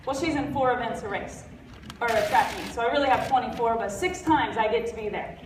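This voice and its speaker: A woman's voice: a little high, a little fast, background noise. Blunt, fired-up woman on a big stage. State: stuffy, congested. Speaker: convention speaker. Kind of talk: motivational stage talk. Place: large convention hall. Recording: roomy hall audio from far off.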